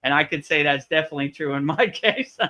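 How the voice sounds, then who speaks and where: A man's voice: a little high, quick pace, bright, forceful tone. A man hosting a live spiritual Q&A, chatting casually and animatedly, acting out quotes and laughing often. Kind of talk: live Q&A chat, storytelling.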